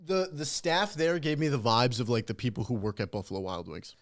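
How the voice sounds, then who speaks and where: A man's voice: medium pitch, a little fast. A young man co-hosting a comedy podcast, riffing and laughing often in casual chat. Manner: animated, riffing, laughs a lot. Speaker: podcast co-host.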